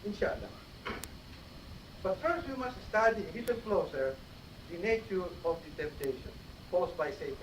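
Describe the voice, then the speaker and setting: A man delivers a teaching sermon in a mosque hall, pausing to check that his listeners follow. He sounds far from the microphone, in a reverberant room, captured on an old 1980s cassette with a light hiss. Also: high voice, sing-song. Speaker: preacher giving a Friday sermon. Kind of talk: explanatory sermon. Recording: roomy, distant 1980s cassette tape with faint hiss.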